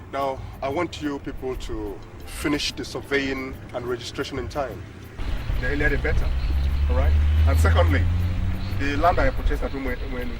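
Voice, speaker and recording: A man playing a wealthy landowner who gives brisk, businesslike orders in a Nollywood film, heard from a distance with music under him. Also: medium pitch, natural voice. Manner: commanding, businesslike.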